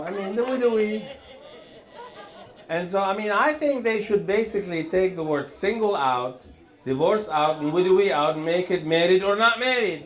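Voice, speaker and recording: A man doing a rambling stand-up routine, chuckling through his lines and stumbling over hesitant pauses. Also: high-pitched. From Lebanon. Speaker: stand-up comedian.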